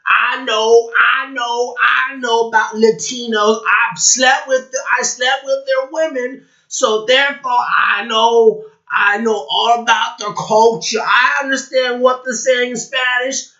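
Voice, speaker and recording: Man putting on a high whiny braggart, drawn-out shouts, in an echoey lo-fi room. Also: lively intonation. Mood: mocking. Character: mocking caricature of a boastful man. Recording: roomy, dull lo-fi recording.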